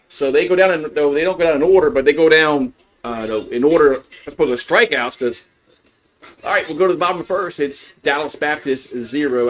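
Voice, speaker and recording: A man giving casual, rambling play-by-play of a college baseball game on a livestream, full of fillers and restarts. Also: a little high. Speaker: fan play-by-play host.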